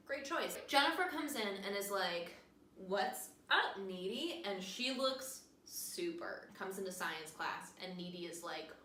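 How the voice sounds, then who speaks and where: Young woman, tipsy podcast host, bright and animated. Echoey room, off-mic. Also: mid-range voice. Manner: animated, jokey, acts out quotes. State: tipsy from wine. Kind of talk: casual film recap. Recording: echoey room, distant mic, faint noise.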